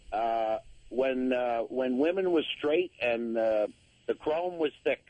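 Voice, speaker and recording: A man calling in to a radio show, speaking with hesitant pauses. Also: medium pitch, no room sound, muffled recording. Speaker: caller. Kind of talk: call-in chat.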